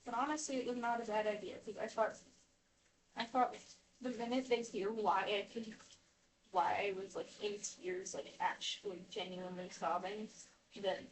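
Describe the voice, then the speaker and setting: A woman's voice: medium pitch, fairly even intonation, moderate pace. A woman telling a long personal story in casual, rambling talk, restarting her sentences and filling them with "like" while she washes dishes at home. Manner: rambling with many restarts and fillers. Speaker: vlogger. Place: home kitchen, indoors. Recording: voice distant from the mic.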